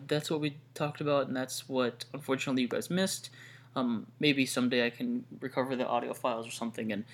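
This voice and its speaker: A young man hosts a casual movie podcast. He rambles along with plenty of ums and restarts. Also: mid-range voice. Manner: rambling, many fillers and restarts. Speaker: podcast host.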